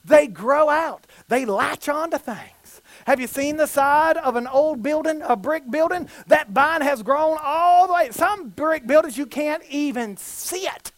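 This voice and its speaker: High-voiced fervent male preacher. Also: lively intonation, unhurried, dry recording. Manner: fervent, rises to shouts, asks rhetorical questions. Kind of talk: sermon.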